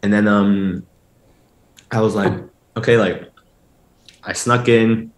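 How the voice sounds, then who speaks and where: Young male guest, low-ish voice, rambling casual storyteller, roomy echo. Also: steady tone, slow pace. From family from Mexico. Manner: rambling, full of "like" and restarts. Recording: echoey room.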